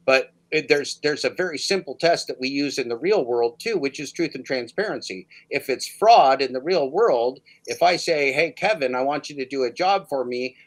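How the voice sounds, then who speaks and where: A man's voice: mid-range voice, rough recording. A man hosting a livestream chat, ranting emphatically and repeating his listener's name for effect. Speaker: livestream host. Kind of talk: casual chat.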